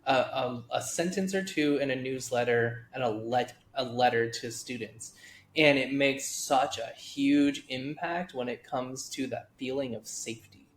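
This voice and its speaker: A man's voice: mid-range voice, a little slow, slight background noise. Man host in an echoey room. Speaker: podcast host, educator. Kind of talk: casual podcast conversation.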